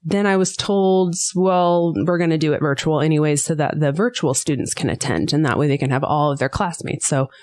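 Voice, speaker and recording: A woman being interviewed on a podcast, telling a personal story with lively energy and acting out the voices of people she quotes. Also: low-pitched, brisk, hardly any pauses. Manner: animated storyteller who acts out quoted voices. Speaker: guest, school board member.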